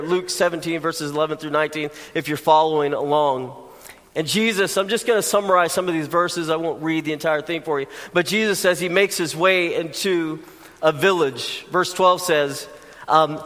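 A pastor with a high-pitched, somewhat bright voice preaches a sermon conversationally, tossing joking asides to the congregation. The recording has a big-room sound.

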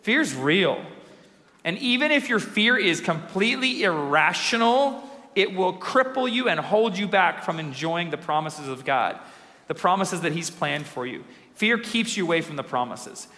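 A young man preaching a sermon as pastor, energetic and emphatic, with dramatic slow pauses. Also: high-pitched. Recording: long hall reverb.

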